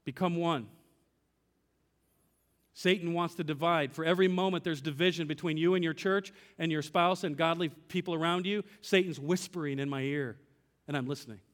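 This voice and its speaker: A man's voice: fairly high pitch, fairly quick, fairly bright tone, in a large hall. A man preaching a sermon as pastor, telling a personal story, acting out dialogue with God and asking the congregation questions. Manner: asks the congregation direct questions.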